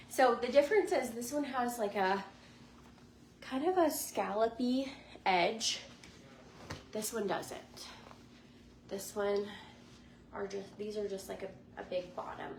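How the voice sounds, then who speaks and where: A woman's voice: mid-range voice, slow pace, vocal fry, pauses often, a little mellow. A woman in her forties chatting casually to camera as a lifestyle vlogger, bubbly and chatty with lots of likes and ums. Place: hotel room in Las Vegas. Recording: noticeable background noise.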